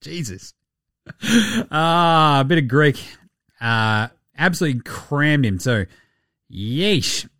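A man's voice: on the high side, expressive, slow pace, pauses often, a bit bright, dry recording, clean studio sound. An Australian man hosting a podcast, giving casual, sweary, mocking banter. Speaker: podcast host. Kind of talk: casual sports commentary.

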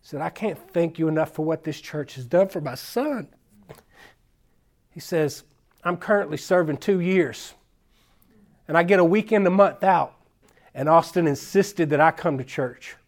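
Man, children's minister, high voice, folksy, animated storyteller, casual slang. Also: moderate pace, pauses often. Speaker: children's minister speaking at a conference. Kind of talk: storytelling conference talk.

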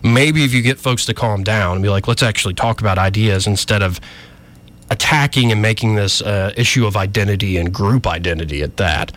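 A man hosting a local talk radio show, ranting with a wry, animated manner, in a radio studio. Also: on the low side, fairly quick.

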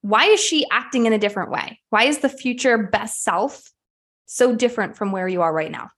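A woman's voice: a little high, normal speed, fairly bright tone. A woman hosting a podcast who talks candidly and with energy, sometimes swearing casually, while coaching her listeners at home. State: sweaty and a bit winded. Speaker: podcast host. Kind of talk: motivational podcast monologue. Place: at home, puppy in the room.

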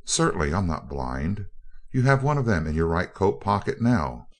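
A man reading a cold male scientist villain in a spoken story. He speaks in a very deep voice, with a cool, even, clipped delivery. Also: normal speed. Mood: coldly calm. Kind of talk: audiobook character voice.

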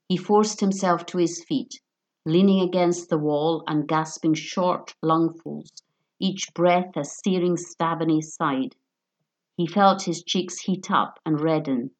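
A woman reading a story aloud in a measured, even narration. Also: deep voice.

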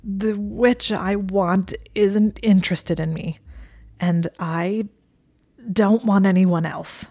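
A woman's voice: fairly low pitch, moderate pace, a little mellow, natural voice. A woman reading the lines of a proud, pompous young wizard who sounds indignant and choked. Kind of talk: storybook reading.

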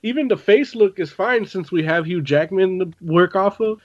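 A man's voice: sits high, moderate pace, no room sound. A man co-hosting a casual podcast chat, with crude joking banter. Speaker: podcast co-host. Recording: dull lo-fi dry sound.

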